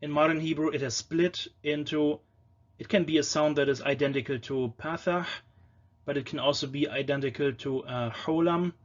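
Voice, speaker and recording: A man giving a patient lecture on ancient pronunciation, often slowing down to sound out single words. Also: fairly high pitch, fairly even intonation, muffled recording. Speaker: language lecturer.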